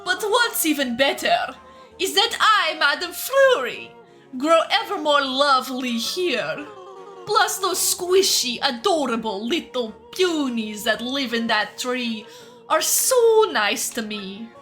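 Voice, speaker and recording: A woman plays a vain, theatrical female wind spirit in a video game, drawling her lines in a comically bad put-on Russian accent. The voice sits very high and bright and swoops around dramatically. Faint game music plays behind. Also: very animated, exaggerated voice. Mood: grandly pleased. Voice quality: deliberately terrible mock Russian accent. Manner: grand, dramatic, drawn-out delivery.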